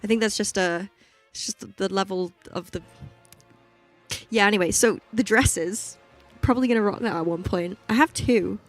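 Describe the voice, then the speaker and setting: A woman's voice: medium pitch, normal speed, soft background music. A young woman, co-hosting a stream, laughing often and chatting before explaining a raid fight. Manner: giggly, chatty, explains game mechanics. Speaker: stream co-host. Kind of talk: casual chat and game commentary.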